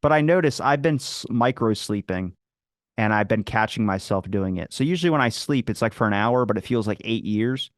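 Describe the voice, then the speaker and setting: Brisk and lively in intonation, this lowish male voice belongs to a Philadelphia-area podcast guest spinning casual, rambling anecdotes. He fills his talk with fillers and performs the voices of the people he quotes, in a dry studio recording.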